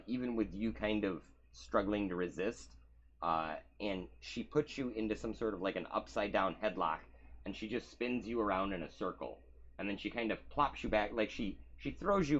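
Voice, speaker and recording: A man's voice: fairly low pitch, animated, normal speed, fairly bright tone, slight background noise. A man narrating as game master of a tabletop game, casual and meandering, with many fillers. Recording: muffled lo-fi audio.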